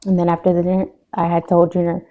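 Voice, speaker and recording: A young adult woman co-hosting a podcast, telling a personal grief story in a candid, joking way that turns quiet and tearful. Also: lowish voice, monotone, fast talker, narrow, tinny audio. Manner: candid, jokes to cope, voice drops when tearful. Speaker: podcast co-host. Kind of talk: casual emotional storytelling.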